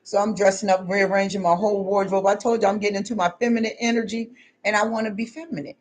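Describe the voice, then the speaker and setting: A woman vlogger delivers a spiritual pep talk to her audience. She talks emphatically and repeats herself, mixing street slang with preachy advice in a voice of ordinary pitch. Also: flat delivery, fast, a little mellow. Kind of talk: preachy motivational monologue.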